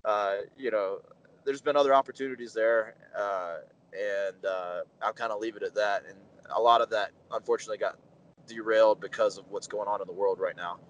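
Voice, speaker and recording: Guy in his 30s, low voice, chatty, loads of uh and like, does the voices when he tells a story. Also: brisk, highs cut off. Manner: animated anecdotes, acts out quoted dialogue, many fillers. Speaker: pro wrestler, interview guest. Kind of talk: casual storytelling interview.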